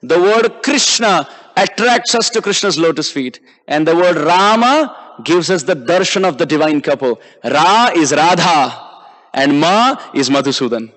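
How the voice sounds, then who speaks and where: A man's voice: fairly high pitch, expressive, measured pace, a bit bright. A man giving a devotional sermon as a visiting preacher in a temple hall, chanting verses and drawing out syllables.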